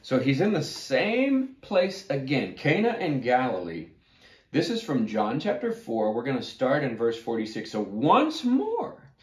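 A man teaching a children's Bible class, telling a story and asking his listeners questions. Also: medium pitch. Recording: echoey room.

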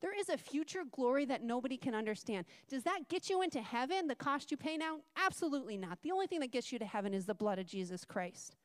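High-voiced woman preaching, animated storyteller. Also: fast, hardly any pauses, no echo, clean studio sound. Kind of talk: sermon. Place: church.

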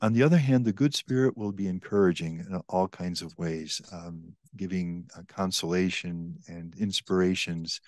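An older man with a deep, low voice speaks as a priest and author explaining spiritual teaching on a podcast. His delivery is measured, reflective and earnest. The sound is dry and close, with no room echo. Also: a little mellow.

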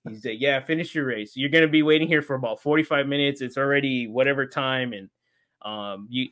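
A man, an interview guest, telling a story in casual chat, animated and laughing often. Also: medium pitch, fairly quick. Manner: animated, acts out quoted voices, laughs often.

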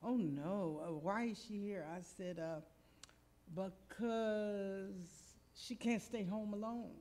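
A woman's voice: medium pitch, slow. Woman preacher telling a story. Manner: animated, acts out the people in her story. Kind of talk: storytelling sermon. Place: church.

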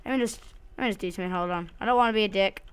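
A woman's voice: mid-range voice, very fast, smooth. A woman giving casual, jumpy commentary while she plays a game, swearing often and talking to herself and to the game. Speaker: let's play host.

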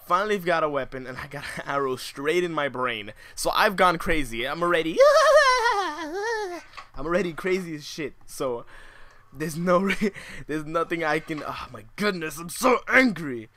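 A man's voice: on the high side, expressive, moderate pace, pushed and bright. A young man commentating his own survival game, swinging between muttered asides and shrieking outbursts full of swearing. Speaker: gamer.

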